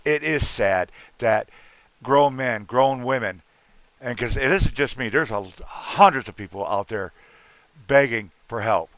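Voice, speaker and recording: A man's voice: mid-range voice, measured pace, a bit bright, no echo. A middle-aged man hosting a casual livestream chat, talking in a rambling, earnest way and repeating himself. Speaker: livestream host.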